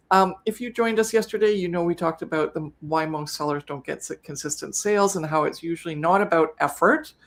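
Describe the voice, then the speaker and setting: A woman hosts a live online business session in an easygoing, talkative way. Her voice sits a little low, and she often backtracks and rephrases as she goes. It sounds like she is recording from home. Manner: chatty, self-correcting, trips over words. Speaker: co-host of a live business webinar. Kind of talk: casual live-stream teaching.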